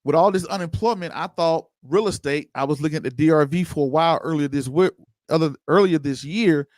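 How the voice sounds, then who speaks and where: Male livestream host, slightly high voice, casual and chatty, close dry mic. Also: fairly quick, darkish tone, dry recording. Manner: loose, conversational, chats with viewers by name. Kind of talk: casual livestream commentary reading chat.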